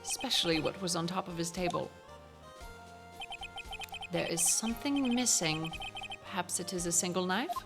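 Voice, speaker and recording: A smug, cool male prosecutor from a courtroom game speaks in a put-on British accent, read by a woman. His lines come low and hushed, with clear game music underneath. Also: animated, normal speed, pauses often.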